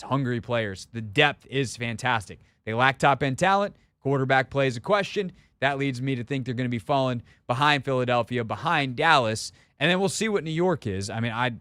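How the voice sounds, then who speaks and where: A man's voice: mid-range voice, fairly bright tone, no echo. A man hosting a sports talk radio show, chatty and opinionated, often cutting in, speaking into a studio microphone. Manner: chatty, opinionated, quick to interject.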